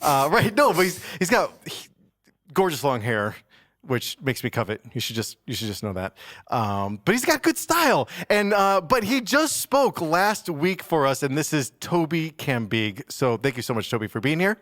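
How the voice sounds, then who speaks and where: A man's voice: on the high side, sing-song, normal speed, fairly bright tone, dry recording. A man hosting a casual church podcast as youth pastor, upbeat and joking, with lots of fillers and restarts. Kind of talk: casual chat.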